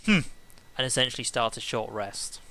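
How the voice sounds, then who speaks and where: A man's voice: mid-range voice, a little fast, pushed and bright, smooth. A man playing a tabletop game, hesitant and stumbling as he describes his moves. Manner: hesitant, restarts often. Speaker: player.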